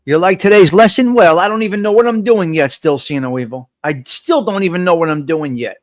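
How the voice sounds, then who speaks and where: Speaking a little fast, this high-voiced livestream host runs a casual morning coffee stream, addressing viewers directly and repeating motivational points. He reads out chat participants' names and answers. He's close on the mic, and the sound is dry with no room sound.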